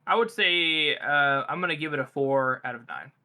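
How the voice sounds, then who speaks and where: A man co-hosting a book podcast, giving his take in a halting way, with many restarts and fillers. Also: on the high side, bright, forceful tone. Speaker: podcast co-host. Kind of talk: casual book-club chat.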